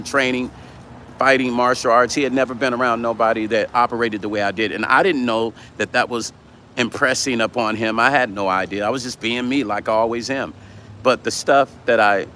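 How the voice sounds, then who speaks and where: A man's voice: medium pitch, bright, forceful tone, a little hiss or hum. A man chatting casually on a livestream, reading viewer comments aloud and talking bluntly with plenty of swearing. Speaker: vlogger hosting a livestream.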